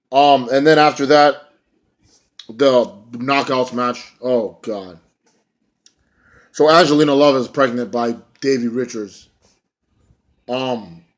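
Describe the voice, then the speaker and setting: A young man giving a casual wrestling show review, blunt and profane, ranting and mocking. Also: medium pitch.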